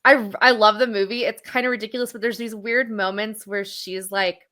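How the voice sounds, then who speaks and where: A woman's voice: medium pitch, fairly even intonation, brisk, sharp tone. A woman in her thirties co-hosting a casual film chat, talking in a chatty way with lots of fillers and restarts. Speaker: podcast co-host. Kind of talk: casual chat about films.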